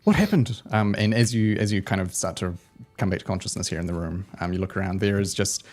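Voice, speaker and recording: A man's voice: sits low, flat delivery, fast, a little mellow. A man running a tabletop role-playing game, narrating scenes with loose, searching phrasing and frequent filler words. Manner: descriptive narration with frequent ums and likes. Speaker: game master.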